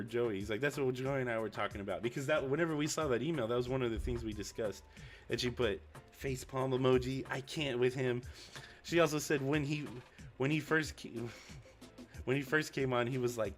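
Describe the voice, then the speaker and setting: A young man vents in a loose, profane, storytelling ramble. His voice sits at a middle pitch and jumps up whenever he mimics someone else. Faint music plays softly underneath. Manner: ranting, profane, quotes people with raised pitch. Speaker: streamer. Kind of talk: casual venting story.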